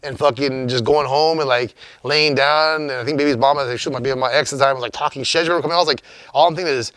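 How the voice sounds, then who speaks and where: A young man from Los Angeles, a graffiti writer, telling a story in an interview in a rambling, profane, animated way. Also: medium pitch, quick pace, no room sound.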